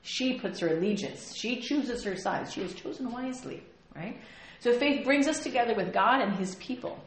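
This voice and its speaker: A woman pastor preaching a lively sermon, often laughing and acting out the voices she quotes. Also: a little high, normal speed, echoey room.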